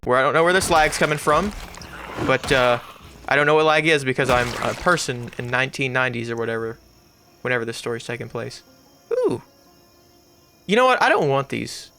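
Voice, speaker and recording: Excitable, rambling gamer man, lively voice. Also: mid-range voice, a little fast, long pauses, over music. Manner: rambling, excitable, sudden loud outbursts and swearing. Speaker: gaming YouTuber. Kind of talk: casual let's-play commentary.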